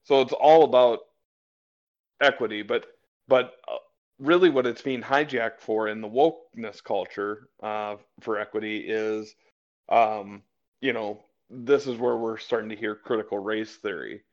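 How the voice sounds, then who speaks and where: A man's voice: lowish voice, steady tone, unhurried. A man co-hosting a casual political chat show, talking in a rambling way full of fillers and restarts. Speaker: podcast co-host. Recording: slightly dull lo-fi audio.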